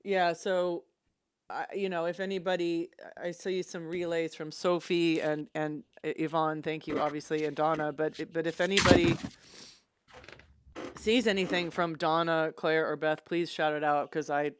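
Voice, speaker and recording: A woman hosting a fan livestream in casual chat, chatty and excitable. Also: deep voice, normal speed, clear, resonant tone. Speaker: livestream host.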